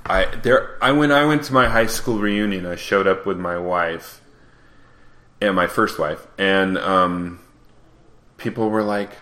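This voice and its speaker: A man's voice: sits low, unhurried, pushed and bright, echoey room. A man hosting a podcast in casual chat, rambling and self-deprecating, often breaking into laughter. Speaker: podcast host.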